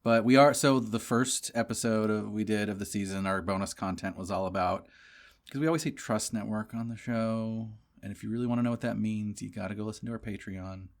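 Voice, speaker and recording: A man's voice: on the low side, brisk. A young man co-hosting a casual podcast chat, wry and joking, drifting into rambling asides. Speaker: podcast co-host.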